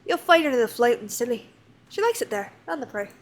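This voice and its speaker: A woman's voice: a little high, big pitch swings, a little fast, slight background noise. A woman voicing a chatty, fond old pirate crewmate in a salty sailor's dialect while reading game dialogue aloud. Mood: wistful.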